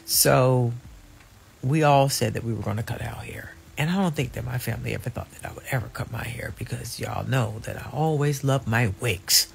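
A middle-aged woman with a gravelly, slightly rough edge to her voice chats casually with her viewers. She is playful and talkative, laughs easily and speaks to the audience as if they were friends. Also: a bass voice, normal speed, slight background noise. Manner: chatty and playful, addresses viewers directly, laughs often. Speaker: channel host.

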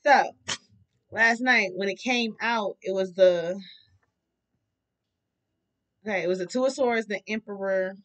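A woman's voice: medium pitch, a little slow, long pauses, fairly bright tone. A woman giving a casual tarot reading, blunt and profane, talking animatedly to her viewers. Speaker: tarot reader.

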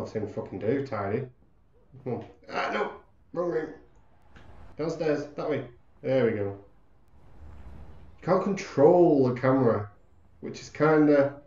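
Let's-player, mellow, joking and profane, dull-sounding mic. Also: male voice, mid-range voice, roomy sound, a little hiss or hum. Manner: swearing, joking banter at the game. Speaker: gamer. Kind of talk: let's play commentary. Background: game music.

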